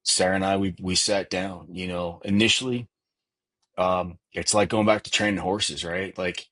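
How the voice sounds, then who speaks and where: Low husky-voiced man in casual chat. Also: steady tone, moderate pace, a bit bright. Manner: rambling, heavy on "you know" fillers. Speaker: podcast guest. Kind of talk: casual conversation.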